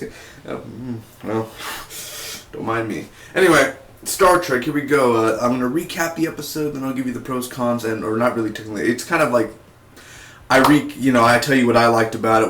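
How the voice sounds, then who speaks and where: A man's voice: mid-range voice, fairly bright tone. Chatty man rambling in a roomy echo. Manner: rambling and chatty, many fillers and restarts. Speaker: TV episode reviewer. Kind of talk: casual spoken review to camera.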